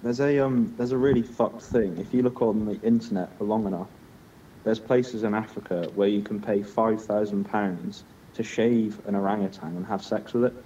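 A man's voice: fairly low pitch, steady tone, normal speed, mellow, distant mic, dull audio, slight background noise. A young man co-hosting a podcast, chatting casually with crude, teasing banter. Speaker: podcast co-host. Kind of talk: casual chat.

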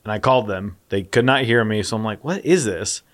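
A man co-hosting a casual comedy podcast, telling a long story and acting out the people on the phone in a squeaky voice. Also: fairly even intonation, quick pace, a bit bright. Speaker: podcast co-host.

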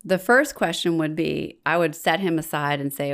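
A woman co-hosting a relaxed talk show over drinks. She teases her co-host often and talks with an easy, joking manner. Her voice sits a little low for a woman. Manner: teasing, playful, quick to laugh. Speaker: podcast co-host. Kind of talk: casual chat while drinking.

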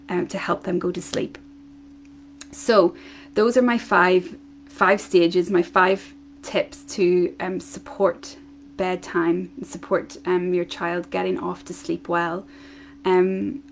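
A woman's voice: fairly low pitch, gravelly, slight background noise. A woman hosting her own parenting podcast, talking alone in a chatty way with many fillers and restarts. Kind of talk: solo podcast talk.

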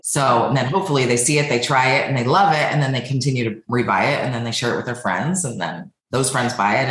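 A woman, a company founder, telling her story in a casual interview and acting out the people she quotes. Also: a bass voice. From Denver area. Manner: animated, acts out quoted voices. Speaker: podcast guest, company founder. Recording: echoey room.

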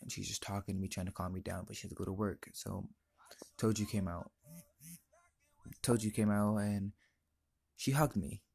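A man's voice: fairly low pitch, fairly even intonation, normal speed, gravelly, long pauses, darkish tone, husky. A teenage boy hosting his own podcast, telling a personal story in an earnest, emotional, confiding way. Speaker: podcast host.

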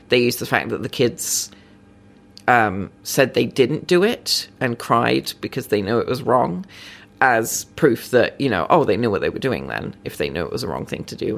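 A woman's voice: a bass voice, vocal fry. A woman comedian chatting casually on a podcast, rambling and self-deprecating with many fillers.

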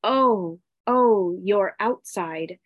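Woman voicing sexless dirt creatures, soft. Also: mid-range voice, a little slow, highs cut off, close to an everyday voice. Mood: sympathetic. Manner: echoing moans, soft and steady. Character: two small sexless creatures made of dirt, sympathetic.

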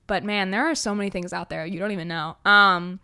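A woman's voice: mid-range voice, steady tone, a little fast, pushed and bright, clean tone. A teenage girl hosting her own podcast, rambling casually with lots of "like" and "um" and plenty of self-deprecating asides. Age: teens. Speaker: podcast host. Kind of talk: casual solo podcast chat.

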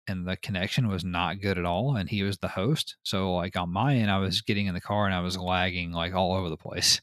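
A man hosting a podcast in casual chat, telling stories in an animated way, laughing often and swearing casually. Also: low voice, no echo, clean studio sound. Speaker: podcast host.

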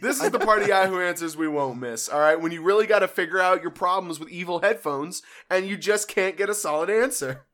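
Bright-voiced man hosting a joking chat. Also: sits high, a little fast, few pauses. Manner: laughs often while reading questions. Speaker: podcast host. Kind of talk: casual comedic chat.

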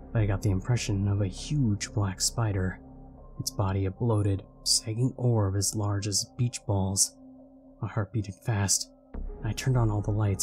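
A man narrating a scripted horror story in a measured, steady storytelling manner. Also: fairly low pitch. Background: faint background music.

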